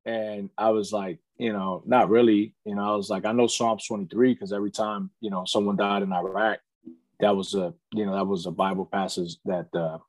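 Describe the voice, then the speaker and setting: A man in his thirties talks through his life story with earnest candor. His voice sits somewhat low, and the sound is dry and close, with little room around it. He keeps leaning on "you know" and "man" as he goes. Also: flat delivery, brisk, no echo. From United States. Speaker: podcast guest. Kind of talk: candid storytelling in casual conversation.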